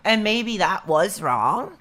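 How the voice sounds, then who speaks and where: Laid-back bright-voiced man streaming. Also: high voice, very animated, slow pace. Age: 30s. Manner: rambling, laid-back, says dude a lot. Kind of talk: casual livestream chat.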